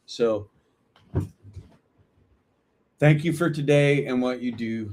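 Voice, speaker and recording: A man in his fifties hosting a live talk, earnest and reflective, often checking in with "right?". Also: mid-range voice. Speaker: host of a veterans support livestream.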